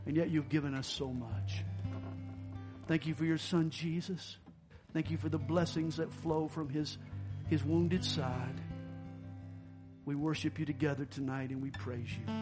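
A male pastor preaching with emphasis and a slightly raised voice, calling the congregation to answer him. Faint music plays softly behind him. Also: on the high side, steady tone, measured pace. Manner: emphatic, rising to calls for congregation response. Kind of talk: sermon and closing prayer.

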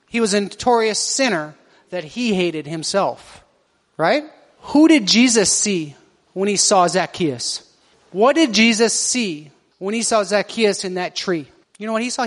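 A male pastor with a very high voice delivers a sermon. He keeps putting questions to his congregation, and his words ring out through a church hall with a long reverb. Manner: asks the congregation rhetorical questions.

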